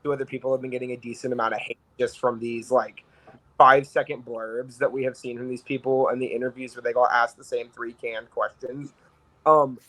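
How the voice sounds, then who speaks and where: A man's voice: mid-range voice, fairly bright tone, rough recording. A man co-hosting a reality TV podcast, talking bluntly and ranting with casual swearing. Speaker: podcast co-host. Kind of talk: casual chat.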